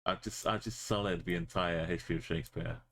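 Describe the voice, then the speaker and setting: A man's voice: low voice, fairly even intonation, fast, vocal fry, a bit bright. A man streaming a map game, talking in a rambling, jokey way. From Britain. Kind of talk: casual gaming commentary.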